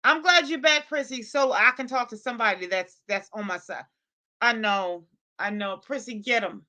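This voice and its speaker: A woman's voice: a little high, normal speed, bright, forceful tone. A woman hosting a casual livestream, talking straight to her chat and scolding viewers in exasperated bursts, with features in her speech. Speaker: livestream host.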